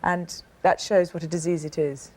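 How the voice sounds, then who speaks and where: This British talk show guest in her thirties shares personal stories with earnest emphasis, frequently restarting as she speaks British English. Her voice is warm and on the low side, with fairly even intonation at a moderate pace.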